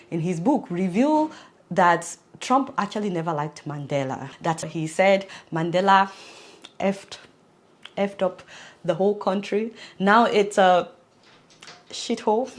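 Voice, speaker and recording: A woman hosting political commentary, talking animatedly and addressing her viewers directly. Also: medium pitch. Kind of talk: casual commentary to camera.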